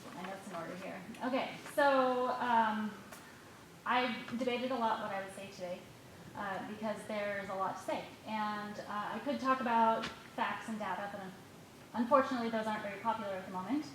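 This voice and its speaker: A woman speaking as a parent during public comment at a school board meeting, reading quickly and pointedly from her notes. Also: medium pitch, a bit bright. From United States. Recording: echoey hall with faint noise.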